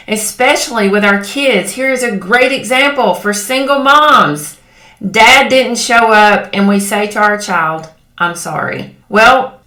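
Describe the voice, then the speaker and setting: Bright-voiced woman coaching in an echoey room. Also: medium pitch. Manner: direct and coaxing, checks in with "okay?" and "right?". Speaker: women's empowerment coach. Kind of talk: motivational talk to women.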